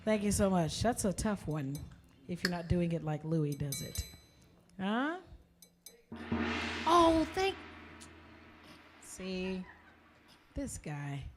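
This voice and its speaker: A woman comedian jokes and teases a live crowd from the stage between numbers. Her talk is loose and playful, full of asides. Clear instrumental music plays behind her voice. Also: fairly low pitch, big pitch swings, slow, pauses often. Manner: joking, teasing the audience. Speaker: comedian and singer. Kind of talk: stand-up banter between songs.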